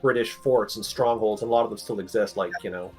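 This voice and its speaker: A man's voice: fairly low pitch, quick pace, a little mellow, breathy edge, soft background music, low-quality recording. A man chatting casually between tabletop game sessions, rambling with many fillers. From Canada. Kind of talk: casual chat.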